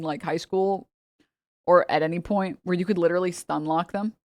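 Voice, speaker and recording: A woman's voice: on the low side, normal speed, darkish tone, no room sound, studio quality. A woman streamer in casual chat, joking and teasing, laughing often.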